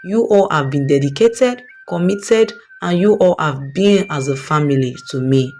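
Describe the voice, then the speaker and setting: A woman plays a middle-aged husband who has lost everything. He talks in a low, weary and exasperated voice. This is a storybook drama voice. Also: expressive, unhurried, a little mellow, a little hiss or hum. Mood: solemn. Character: stressed middle-aged rich husband, now broke.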